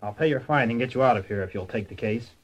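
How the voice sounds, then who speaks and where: In a radio comedy, an actor plays a stern, rich elderly client who is impatient to hire a detective, his manner stiff and formal. The man's mid-range voice moves at a quick pace with light acting, and the recording quality is low.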